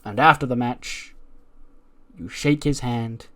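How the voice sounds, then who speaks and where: A man voicing a scheming female wrestler who threatens a rival in a low, quiet, menacing way. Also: slow pace.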